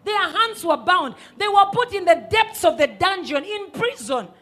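A woman pastor, preaching a sermon emphatically and sometimes rising to a shout. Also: extremely high pitch, animated, normal speed. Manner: emphatic, rises to shouts and acts out quoted voices.

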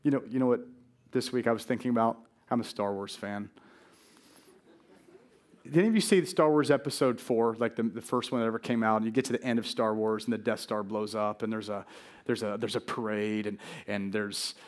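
A middle-aged male pastor preaching a sermon, lively and animated, acting out quoted worries with frequent stammering restarts. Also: on the low side, a little fast.

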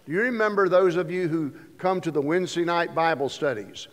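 Pastor giving a Sunday sermon, high male voice, church hall echo, leans slowly on scripture lines. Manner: slows down and stresses scripture quotes. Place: church sanctuary. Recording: long reverb of a church hall.

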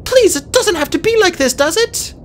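A woman voicing a frightened young female dragon who pleads urgently in a high voice. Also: animated, moderate pace, a little hiss or hum. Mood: pleading.

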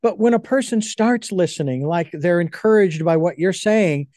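A man hosting an interview, speaking in a measured, reflective way with many pauses. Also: high voice, lively intonation, dark tone, dry recording, studio quality. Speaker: host. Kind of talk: casual interview chat.

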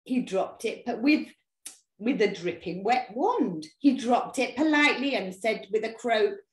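A woman storyteller reading a picture book aloud to young children, expressive and engaging. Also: a little high, measured pace, roomy sound. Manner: expressive, talks to young listeners. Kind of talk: animated read-aloud for children.

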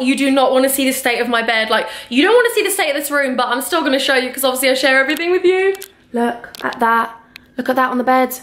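A young woman telling a story in an animated, chatty vlog, acting out each side of the conversation from her hotel room. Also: high voice, quick pace, roomy sound. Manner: animated, acts out both sides of conversations. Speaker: vlogger.

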